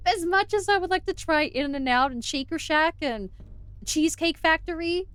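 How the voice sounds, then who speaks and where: Aussie streamer girl, jokey and animated, voice jumps all over. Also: very high voice, unhurried. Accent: Australian. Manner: animated and joking, laughs often. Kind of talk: casual gameplay chat.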